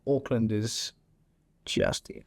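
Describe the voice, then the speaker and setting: A young adult man, a bartender, chatting as a podcast guest, telling lively stories and swearing freely. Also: on the low side, takes it slowly, vocal fry, breathy edge. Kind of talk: casual interview chat.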